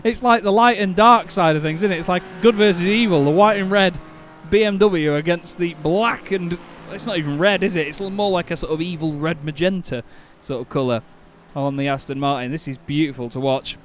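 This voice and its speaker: Here a high-pitched man with a Northern English accent calls sim racing live, excitable and jokey, laughing and exclaiming readily. Faint music plays behind him.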